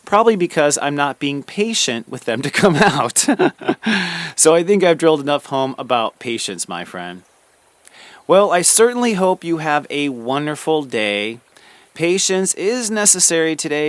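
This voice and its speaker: A man hosting a daily spiritual talk, gently encouraging the listener and calling them friend. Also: medium pitch, dry recording. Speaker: spiritual podcast host.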